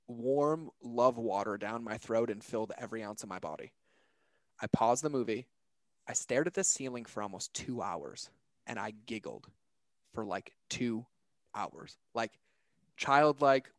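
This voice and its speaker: A man shares a personal story as a podcast guest, earnest and emphatic, acting out the voices in it. His voice sits at an ordinary middle pitch. The sound is dry and close. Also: no echo.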